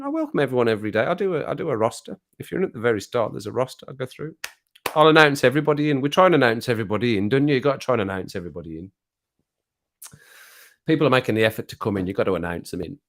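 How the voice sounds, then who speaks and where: Black country guy rambling on his live stream, chatty, laughs a lot, middle pitch. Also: very animated, rapid-fire. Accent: Black Country English. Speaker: livestream host. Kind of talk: casual livestream chat.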